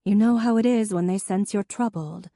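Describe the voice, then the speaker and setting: A woman's voice: mid-range voice, normal speed, mellow, dry recording, studio quality, pitched above the performer's own voice, lightly acted. A woman voicing a refined, poised female professor who speaks in a genteel, formal way.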